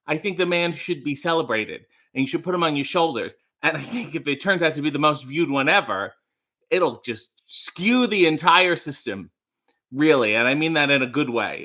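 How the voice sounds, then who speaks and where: Casual male streamer, young, bright slightly high voice, rambling and sarcastic while reading chat. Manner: playful, rambling, sarcastic asides. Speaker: livestream host.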